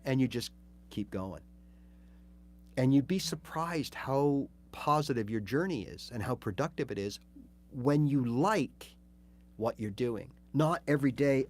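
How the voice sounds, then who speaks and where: A chatty, animated man hosting a casual guitar lesson on a livestream, acting out little scenes as he goes. His voice sits at a middle pitch. Faint music plays behind him. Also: a little slow. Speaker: guitar teacher.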